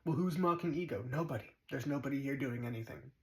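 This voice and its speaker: A man's voice: mid-range voice, fast, gravelly, rough recording. Blunt, profane spiritual teacher, a man. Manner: blunt, profane and mocking, with repeated short commands. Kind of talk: spiritual monologue.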